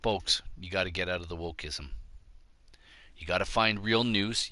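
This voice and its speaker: A man's voice: sits low, normal speed, pushed and bright, no echo. A middle-aged man hosting a show, delivering a blunt, combative opinion monologue. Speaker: show host.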